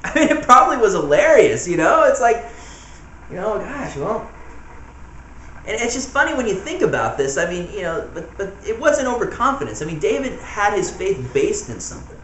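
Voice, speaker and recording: A man teaching scripture in a relaxed home church sermon, his voice pitched a little high and bright. He talks loosely, with many "you know" asides and little chuckles. The room rings with echo. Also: moderate pace. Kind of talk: informal sermon, Bible study teaching. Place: small room in a house church. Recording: echoey room, faint background noise.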